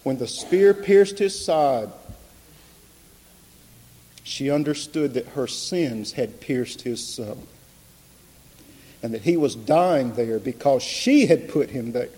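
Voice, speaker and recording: A man preaching an impassioned sermon, building to loud emphatic peaks. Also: medium pitch, lively intonation, slow, long pauses, slightly rough. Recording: long reverb of a large hall.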